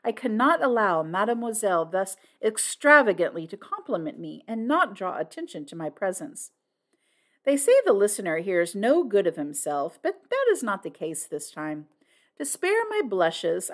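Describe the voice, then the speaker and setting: A woman's voice: mid-range voice, sing-song, moderate pace. A woman voicing a polite, fussy foreign male detective who speaks in formal, florid phrases in a storybook reading.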